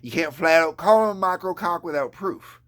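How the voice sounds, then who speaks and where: A man's voice: fairly high pitch, animated, normal speed, a bit bright. A man on a live stream ranting with profanity and mockery, sometimes talking about himself in the third person. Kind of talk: angry live-stream rant.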